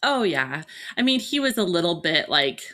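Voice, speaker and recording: A woman's voice: fairly low pitch, moderate pace. A woman in her thirties, a podcast host telling a story in casual chat, acting out the voices of the people in it. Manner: animated storytelling, acts out quoted voices.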